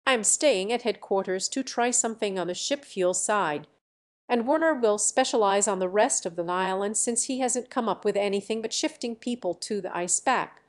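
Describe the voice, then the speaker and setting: A woman reading an audiobook, voicing a gruff, stern male senior officer who speaks curtly and slowly. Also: mid-range voice, close to an everyday voice. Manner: curt, commanding, slow and deliberate.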